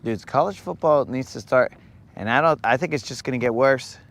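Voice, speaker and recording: A man's voice: medium pitch, normal speed, vocal fry, a bit bright. A man hosting a live fishing stream from a boat on a lake, chatting casually and slangily with viewers. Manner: laid-back, slangy, greets viewers from chat.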